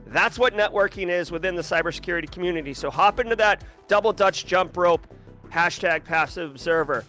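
High-voiced, pumped-up male livestream host. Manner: energetic, shouting out viewers rapid-fire. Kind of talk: hyped-up live show chat. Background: hip hop music.

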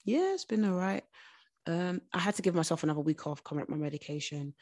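A woman's voice: fairly low pitch, fairly quick. A woman co-hosting a casual podcast, telling stories animatedly with lots of restarts. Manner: animated storytelling with frequent restarts. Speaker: co-host.

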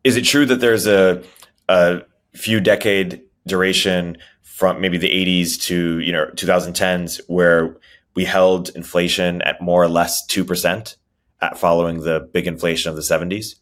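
Male co-host, very low voice, short casual questions. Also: level tone, moderate pace, fairly bright tone. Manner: brief agreeing interjections and short questions. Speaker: podcast co-host. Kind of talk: casual chat.

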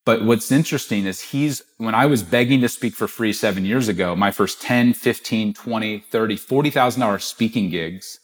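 Lively storytelling man, lowish voice. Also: moderate pace, hardly any pauses. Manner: animated storyteller, acts out quoted dialogue. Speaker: guest, gift-giving business founder. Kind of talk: storytelling in a podcast interview.

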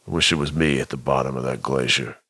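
A man's voice: rumbling low, steady tone, quick pace, creaky, sharp tone, no room sound, studio quality, heavily acted. A man voicing a gloomy, self-pitying washed-up action actor who runs himself down. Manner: mopey, self-deprecating.

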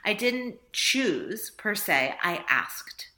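A woman's voice: mid-range voice, sing-song, extremely slow, bright, forceful tone. A woman author talking reflectively in a casual interview, laughing often and acting out little dialogues. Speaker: author guest.

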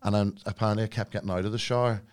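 A man, a podcast guest, telling a story in casual chat, animated, acting out quoted lines and laughing as he goes. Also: on the low side, very fast, clear, resonant tone.

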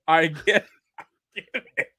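A man's voice: fairly high pitch, takes it slowly, bright, forceful tone, no room sound. A man co-hosting a casual sports podcast, bantering and laughing a lot. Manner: laughs often, jokey banter. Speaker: podcast co-host.

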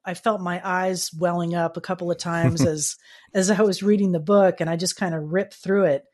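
A woman's voice: fairly low pitch, steady tone, moderate pace, darkish tone. A woman interviewing an author, engaged and asking long flowing questions. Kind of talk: conversational interview.

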